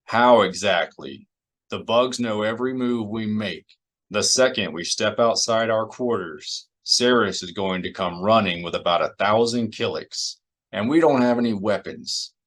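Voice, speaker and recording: A male reader gives a middle-aged smuggler a dry, sarcastic edge, low in pitch and blunt in delivery. It stays close to an everyday man's voice in an audiobook. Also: measured pace, a bit bright.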